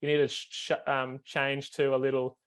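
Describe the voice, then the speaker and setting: Flat-voiced man coaching with fillers. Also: mid-range voice, normal speed, smooth. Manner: explains step by step with many fillers and restarts. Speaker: foiling coach. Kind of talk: coaching call video review.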